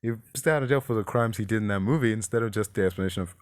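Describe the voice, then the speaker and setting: Man, low voice, casual film review, exasperated, rambling, cursing. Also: expressive, fast, few pauses. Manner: exasperated, swears, loose and rambling.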